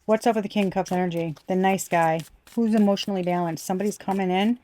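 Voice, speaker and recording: A woman's voice: mid-range voice, fairly even intonation, quick pace, dark tone. A woman giving a casual collective tarot reading, blunt and profane, repeating her points for emphasis. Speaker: tarot reader.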